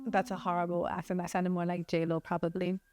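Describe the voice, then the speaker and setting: A woman's voice: lowish voice, level tone, fast talker, darkish tone. A woman vlogger and filmmaker giving casual, chatty commentary and laughing often as she talks.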